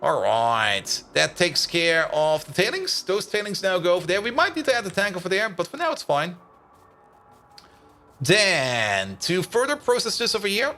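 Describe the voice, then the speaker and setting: A man's voice: high voice, very animated, normal speed, sharp tone, soft background music. A man giving casual, rambling commentary as he streams a building game, thinking aloud and chatting with viewers, full of "like" and "uh". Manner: thinks aloud while building, answers chat.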